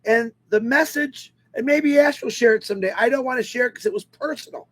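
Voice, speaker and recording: Man, unusually high husky voice, animated webinar storyteller. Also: a little fast. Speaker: webinar speaker. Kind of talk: personal storytelling to an online audience.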